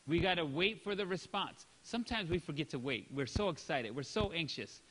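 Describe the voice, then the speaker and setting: A man preaching a sermon as pastor, acting out short voiced exchanges and swinging between loud and soft. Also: a little high, animated, a little fast, hardly any pauses, big-room sound. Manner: acts out short voiced exchanges, rising and dropping in volume.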